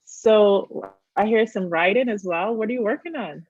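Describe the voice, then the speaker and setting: A woman hosting an interview, talking in a lively, chatty way with many fillers and quick laughs. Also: medium pitch, breathy edge, no room sound. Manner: animated, laughs often, lots of fillers. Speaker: host. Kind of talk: casual interview chat. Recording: muffled dry video-call audio.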